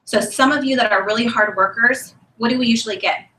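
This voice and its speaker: Woman, enthusiastic motivational testimony, chatty and emotional, crisp bright voice. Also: fairly high pitch, quick pace. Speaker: speaker at a sales meeting. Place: meeting room, on a stage. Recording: echoey room from a distant mic.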